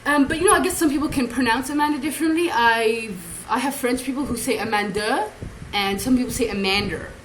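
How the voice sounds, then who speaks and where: A woman's voice: high voice, quick pace, hardly any pauses. A woman vlogger chatting casually to camera, rambling and losing her thread. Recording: echoey room with clear noise.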